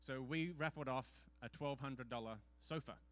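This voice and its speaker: A man's voice: mid-range voice, moderate pace. Man casually announcing a raffle. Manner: loose, chatty, with fillers. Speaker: event host.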